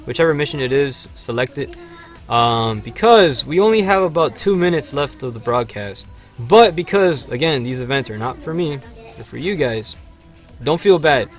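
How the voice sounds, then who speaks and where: A man hosting a livestream, chatting casually over gameplay with lots of fillers and sudden excited shouts. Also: medium pitch, normal speed, faint music behind. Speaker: livestream host.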